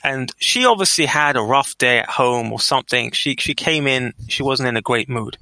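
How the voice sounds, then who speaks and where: At a moderate pace, a middle-aged businessman answers interview questions with stories, acting out the dialogue animatedly and raising his pitch for quotes. The recording is dry and rough.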